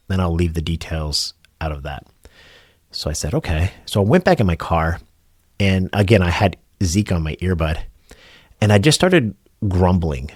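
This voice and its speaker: Man, middle-aged, very low voice, dry close sound, earnest rambling vlog talk. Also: husky, no echo. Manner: earnest, rambling with fillers and restarts. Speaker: rideshare driver and channel host. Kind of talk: casual reflective talk to camera.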